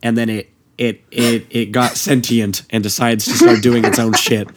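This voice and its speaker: A man hosting a podcast in casual chat, his voice hoarse and worn out. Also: medium pitch, level tone, moderate pace, noisy background. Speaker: podcast host.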